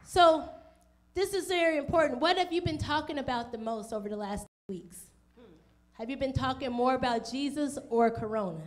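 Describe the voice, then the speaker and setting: A woman's voice: high-pitched, moderate pace. A woman pastor preaching a sermon to an online congregation, asking direct questions and acting out the people in the story. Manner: animated, acts out voices of people in the story.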